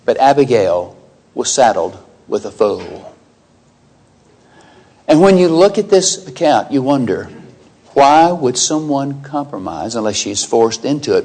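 A man preaching a sermon, emphatic and animated, acting out biblical characters' lines in quoted dialogue. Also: mid-range voice, measured pace, breathy edge.

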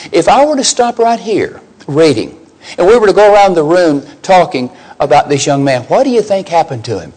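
A man's voice: fairly high pitch, darkish tone, husky, poor audio. A man preaching a sermon, emphatic, putting questions to his listeners and rising on key scripture lines.

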